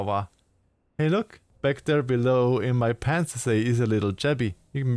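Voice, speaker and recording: Slow-talking man streaming games. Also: mid-range voice, darkish tone, no echo, clean studio sound. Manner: playful, giggly, chatting with viewers. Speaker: VTuber streamer. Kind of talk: casual live gameplay chat.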